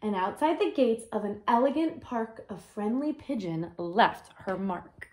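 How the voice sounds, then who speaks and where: Slow, gentle woman reading a picture book. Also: mid-range voice, expressive. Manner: gentle, adds her own comments. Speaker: storyteller.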